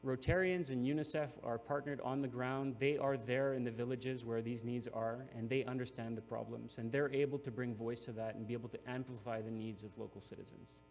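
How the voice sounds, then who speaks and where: A man's voice: medium pitch, fairly even intonation, a little fast, few pauses, a little mellow. A man, a nonprofit CEO, giving an earnest, emotional conference speech with frequent restarts. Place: large hall. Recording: reverberant hall with faint hum.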